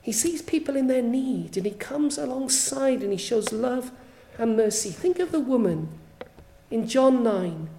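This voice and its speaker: A woman's voice: on the high side, animated, unhurried, mellow, roomy sound, a little hiss or hum, rough recording. A woman preaching a sermon in an earnest, pleading way, often putting direct questions to her listeners.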